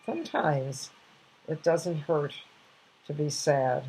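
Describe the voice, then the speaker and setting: A woman's voice: sits low, sing-song, slow, warm tone, husky, low-quality recording. An older woman casually sharing reflective anecdotes, rambling with many restarts and fillers.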